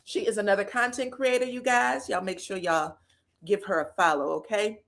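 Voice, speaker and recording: A woman's voice: medium pitch, normal speed, gravelly. A woman recapping reality TV drama in a casual, profane, chatty way. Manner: animated, profane, acts out quotes. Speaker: reality TV commentator.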